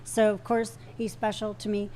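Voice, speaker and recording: A woman's voice: medium pitch, level tone, normal speed, dark tone, slight background noise. A middle-aged woman co-hosting a podcast, chatting casually with a playful, teasing manner. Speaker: podcast co-host. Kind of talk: casual chat.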